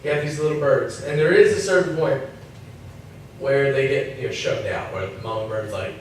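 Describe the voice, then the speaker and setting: A man gives a relaxed, joking sermon to young people, slipping into small acted-out voices. His voice sits a little high. The mic is set back from him in a very echoey hall, with a faint hiss underneath. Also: brisk. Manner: chatty, acts out voices, jokes. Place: church hall. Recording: echoey room, mic at a distance, faint noise.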